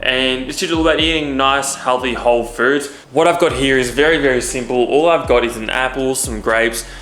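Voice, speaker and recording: Bright-voiced chatty young guy vlogging. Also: mid-range voice, normal speed. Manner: jokey, chatty, self-deprecating. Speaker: fitness YouTuber. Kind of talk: casual vlog narration. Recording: echoey room, faint background noise.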